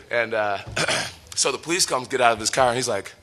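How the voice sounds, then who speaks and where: A young man in his twenties, a professional fighter, telling a story in a lively way, laughing often and acting out what people said. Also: medium pitch, quick pace. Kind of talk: animated storytelling.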